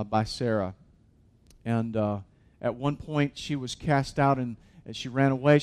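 A man's voice: medium pitch, a little mellow, clean tone. A man, a pastor, preaching a sermon in an earnest, conversational way.

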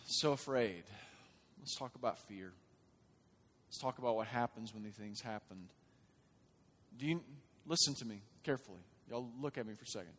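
A man preaching a sermon, shifting from quiet, conversational talk to loud, impassioned urging. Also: medium pitch, breathy edge. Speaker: pastor. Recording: long reverb of a large hall.

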